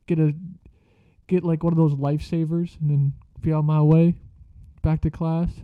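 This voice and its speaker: A young man with a highish voice tells a school story, slangy and profane, laughing along the way. The recording is dry, with a dull lo-fi quality.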